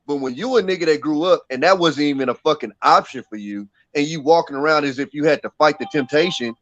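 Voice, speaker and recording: A man's voice: fairly high pitch, fast talker, a bit bright, muffled recording. A man talking in a casual panel chat, emphatic and profane, laughing often. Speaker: podcast host.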